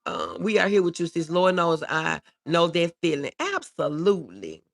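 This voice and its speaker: A middle-aged woman hosts a casual livestream, warmly reading viewer comments aloud and speaking with real emotion. Her voice sits on the low side and is very animated, moving at a normal speed.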